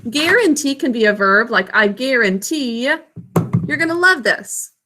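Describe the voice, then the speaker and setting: A woman teacher leading a phonics and spelling lesson, stretching words out slowly and prompting the class to repeat after her. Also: high-pitched, animated, bright, forceful tone. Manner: slow, drawn-out enunciation of words and sounds; call-and-response prompting.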